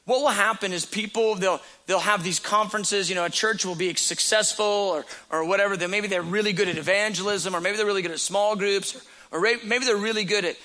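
A man's voice: high voice, steady tone, brisk, hardly any pauses, bright, forceful tone. A man preaching a sermon as a pastor, talking in a conversational storytelling way with repeated phrases.

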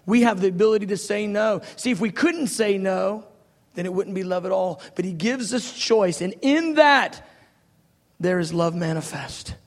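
A male preacher tells a story, laughing and mocking himself as he swings from loud bursts to soft, hushed lines. His voice sits fairly high with a gravelly edge. It echoes through a long hall reverb. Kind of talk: storytelling sermon.

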